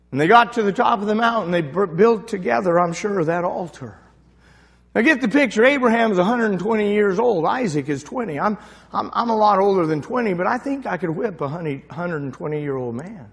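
A male pastor telling a story in a sermon, animated, with big swings from soft to loud, recorded in a church. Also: sits high, normal speed, slightly rough. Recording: echoey church hall reverb.

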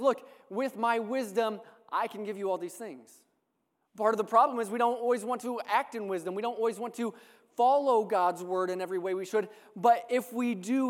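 Male preacher, high voice, earnest sermon with stacked repetitions, long hall reverb. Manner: earnest, building repetition of phrases.

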